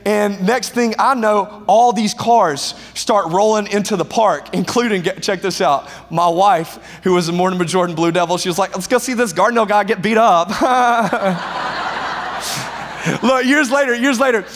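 A high-pitched pastor tells a funny story from the pulpit, energetic and self-mocking. His voice rings through a large hall with a long, trailing reverb. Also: measured pace, a little hiss or hum. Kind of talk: humorous storytelling sermon.

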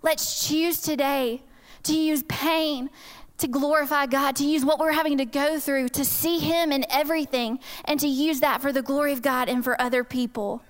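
A woman giving a devotional talk at church, measured and repeating key phrases for emphasis. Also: high-pitched, a bit bright. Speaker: guest speaker at church. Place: large church hall. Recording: long hall reverb from a church room.

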